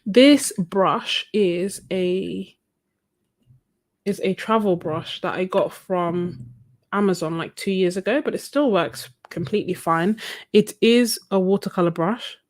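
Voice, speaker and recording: Slow-talking woman chatting while painting. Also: medium pitch. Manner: chatty, rambling with many fillers and restarts. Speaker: art livestreamer. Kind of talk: casual livestream chat while painting. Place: home desk. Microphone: phone.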